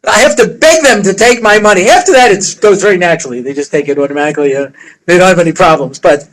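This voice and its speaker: A man's voice: sits high, fast talker, a bit bright, poor audio. A middle-aged man, a rabbi, giving a humorous lecture full of stories, jokes and conversational asides.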